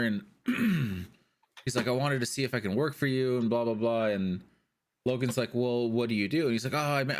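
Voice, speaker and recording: A man's voice: medium pitch, a little hiss or hum. Man retelling stories on a podcast. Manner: animated storyteller, acts out quoted lines. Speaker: podcast co-host. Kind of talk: casual chat.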